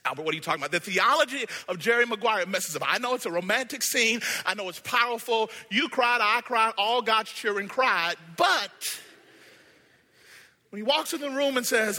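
A man preaching a sermon as pastor, animated, swinging between hushed lines and shouted ones. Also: high voice, moderate pace, in a large hall.

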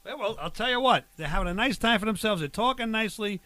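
A man's voice: high voice, lively intonation, fast, sharp tone. A man hosting a comic barbecue cooking bit, talking in a rambling tough-guy drawl.

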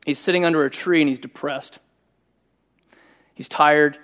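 Man, middle-aged, preaching, conversational storytelling, fairly high voice. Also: measured pace. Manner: conversational and animated, voicing quoted speech. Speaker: pastor. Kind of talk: sermon with personal story.

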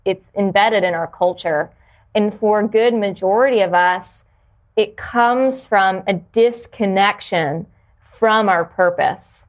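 A woman's voice: mid-range voice, takes it slowly. A woman guest on a podcast, talking earnestly and reflectively about purpose, with frequent restarts. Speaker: podcast guest, yoga teacher. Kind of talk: casual interview conversation.

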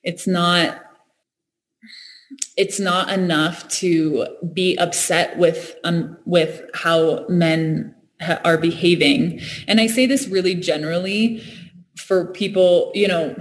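A woman's voice: lowish voice, steady tone, slow pace. A woman talking in a reflective, earnest way, often laughing and restarting her sentences. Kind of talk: reflective casual conversation.

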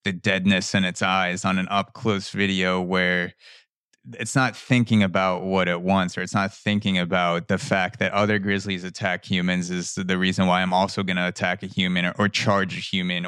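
Male podcast host, steady low delivery, dry close sound, loose rambling phrasing. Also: moderate pace, clear, resonant tone, no echo. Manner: rambling, with frequent restarts and repeated words. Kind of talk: casual conversational interview.

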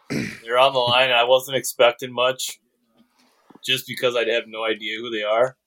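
A man joining a podcast chat in a relaxed, slangy way. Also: mid-range voice, normal speed, poor audio.

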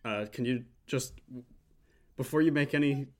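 A man voicing a nervous, awkward young man who speaks haltingly and honestly. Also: medium pitch, natural voice. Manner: hesitant, halting.

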